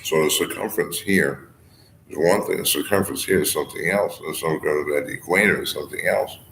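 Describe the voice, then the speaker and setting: A low-voiced man rambles on in a loose monologue, wandering from one thought to the next and padding it with "you know" and "I mean." He chuckles here and there. His voice rings in an echoey room over a faint hum of ambient noise. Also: a little fast, vocal fry, fairly bright tone. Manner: digressive, fills speech with "you know" and "I mean", chuckles often.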